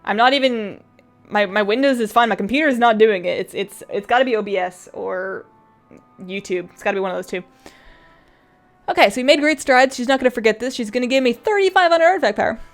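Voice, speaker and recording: A woman's voice: a little high, quick pace, soft background music. A woman game streamer chatting casually during a live stream, reading chat aloud and laughing often.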